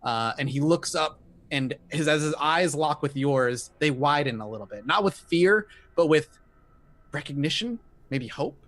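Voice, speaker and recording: A man's voice: a little high, lively intonation, normal speed, a bit bright. A man narrating a tabletop horror game as game master, describing scenes in detail with frequent fillers.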